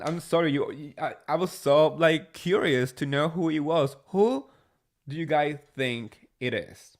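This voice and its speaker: A man hosting a casual reality TV gossip recap, chatty and gushing, talking straight to his viewers. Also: mid-range voice. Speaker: podcast host.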